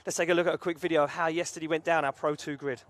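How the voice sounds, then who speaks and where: A middle-aged man commentating live at a motorsport event, out of breath, with brisk, upbeat presenter patter. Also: a little high, steady tone.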